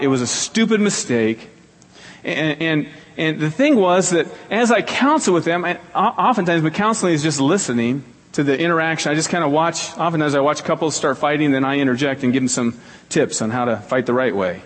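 A middle-aged male pastor preaching a sermon, telling stories earnestly, repeating key phrases for emphasis. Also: a little fast. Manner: acts out quoted people in a higher voice. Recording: long hall reverb.

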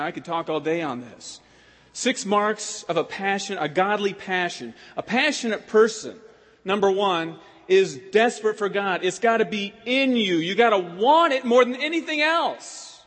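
A man, a pastor preaching a sermon with impassioned swings between loud exhortation and hushed prayer. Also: high voice. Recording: long hall reverb.

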